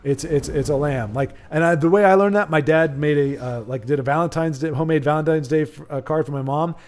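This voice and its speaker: A man's voice: fairly high pitch, brisk, darkish tone. A young man hosting a livestream, chatting casually with viewers and rambling with many restarts. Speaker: livestream host. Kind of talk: casual chat while streaming a card game.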